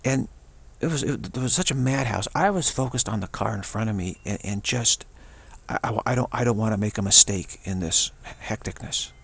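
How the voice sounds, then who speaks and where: A man's voice: on the low side, normal speed, gravelly, a bit bright, slightly rough. A man giving a solo spoken commentary, rambling earnestly and often repeating and restarting his phrases. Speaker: channel host.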